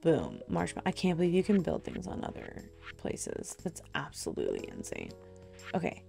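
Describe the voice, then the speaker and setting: A woman hosting a let's play, giving casual gameplay commentary. She is excitable, exclaims and thinks aloud as she plays, and talks straight to her viewers. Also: deep voice, normal speed, gravelly, faint music behind.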